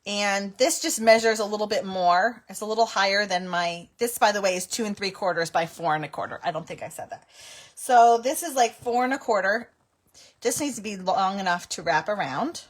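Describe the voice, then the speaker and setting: A woman's voice: mid-range voice, moderate pace. A woman hosting a live card-making tutorial, chatting with viewers in a giggly, chatty way. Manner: chatty, giggly, breaks into helpless laughter. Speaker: card-making livestream host.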